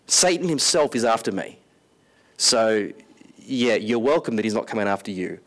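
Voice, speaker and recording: A man preaching a casual sermon in an animated, conversational way, acting out scenes with voices. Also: on the low side, moderate pace.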